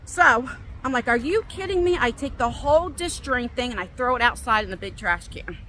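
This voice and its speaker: A middle-aged woman vlogging as she walks in a park, telling a story casually and acting out her own lines with big leaps in pitch, recorded on a phone. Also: normal speed, slight background noise. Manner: animated, quotes herself with big jumps in pitch. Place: outdoors in a park, walking. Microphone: phone on a selfie stick.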